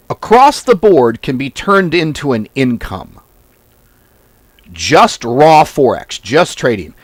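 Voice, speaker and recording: A man's voice: a little high, dry recording. A man hosting a trading video, talking bluntly in a casual, profane rant that wanders off on tangents. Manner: blunt, profane, animated storytelling; goes off on tangents. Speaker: forex trading video host. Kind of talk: casual ranting monologue to camera.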